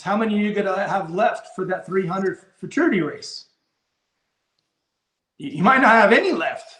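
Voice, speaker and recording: A man's voice: high voice, fairly bright tone, reverberant. A man who breeds and handles racing pigeons, talking in a rambling, blunt way, restarting his sentences, in a casual live discussion.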